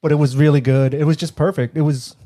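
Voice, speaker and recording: A man co-hosting a podcast, talking earnestly about a film with many ums and pauses. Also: a little high, steady tone, dark tone. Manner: hesitant, lots of ums, earnest. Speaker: podcast co-host. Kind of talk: casual movie chat.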